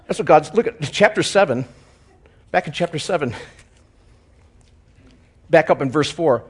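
A man preaching a sermon, swinging between loud emphasis and quiet joking asides, chuckling at his own lines. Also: fairly high pitch, very animated, moderate pace, long pauses.

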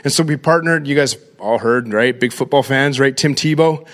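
A middle-aged man, a pastor giving an energetic, story-driven talk to a church crowd and calling them "guys". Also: medium pitch, normal speed.

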